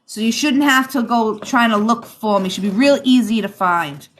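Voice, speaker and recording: A woman with a Rhode Island accent hosting a live stream as a psychic reader. She chats with viewers, calls them darling, and fills pauses with ums. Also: a little high. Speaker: psychic reader and livestream host. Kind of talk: live-stream chat and card reading.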